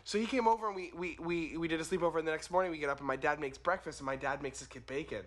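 A man's voice: fairly high pitch, racing. A man from California, co-hosting a comedy podcast, telling a rambling childhood story. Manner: rambling with fillers and restarts. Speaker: podcast co-host.

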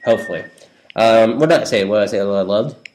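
A man's voice: lowish voice, quick pace, darkish tone. Male podcast host, gushing and rambling, recorded in a roomy space with echo. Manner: enthusiastic, rambling. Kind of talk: casual banter.

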